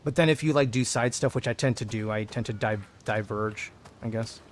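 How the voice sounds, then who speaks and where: A man's voice: medium pitch, brisk, slight background noise. A man streaming a video game, chatting casually with his viewers and thinking aloud as he plays. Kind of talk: casual gameplay commentary.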